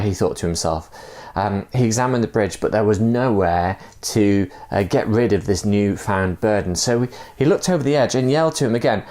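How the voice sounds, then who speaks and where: A pastor preaching a sermon, telling a fable in a relaxed way with many fillers. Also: male voice, on the low side, normal speed.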